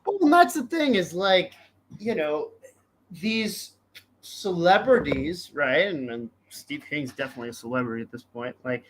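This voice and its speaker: A man's voice: on the high side, fairly bright tone. A man co-hosting a political podcast in casual chat, hesitant and full of fillers. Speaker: podcast co-host.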